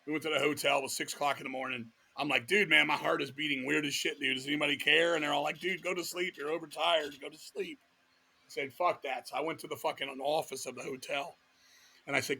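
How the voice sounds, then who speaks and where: A middle-aged Virginia man, a metal vocalist on as a guest, rattles off wild, profane stories at a fast clip, voicing the people he quotes. His voice is a little high and gravelly, pushed and bright with a slight roughness. It's animated storytelling in casual conversation.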